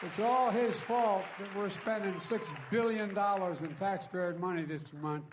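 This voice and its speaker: An older man giving slow, halting public remarks in a played clip. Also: sits high, steady tone. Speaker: speaker at an event. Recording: clip with crowd noise. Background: crowd and ambience.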